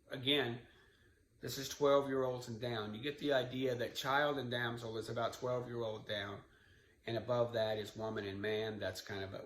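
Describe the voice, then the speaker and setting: A man's voice: mid-range voice, fairly bright tone. A man giving an informal Bible study, retelling the story in a conversational way with asides. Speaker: Bible teacher. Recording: echoey room with faint background noise.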